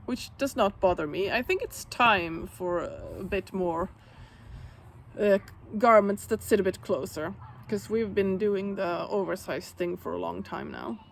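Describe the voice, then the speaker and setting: A woman hosting her knitting show alone, talking loosely and warmly with plenty of pauses and fillers. Her voice has a light gravelly fry at the ends of phrases. A faint hiss sits under the recording. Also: mid-range voice. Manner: relaxed, chatty, many fillers. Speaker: knitting podcast host. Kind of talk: casual solo chat.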